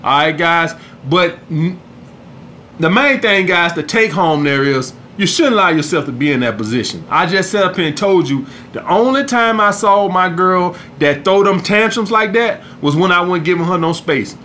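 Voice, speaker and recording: Male host, high and bright, profane straight-talking dating coach. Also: expressive, moderate pace, slight background noise. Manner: blunt, profane, repeats "all right, guys". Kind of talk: casual advice monologue.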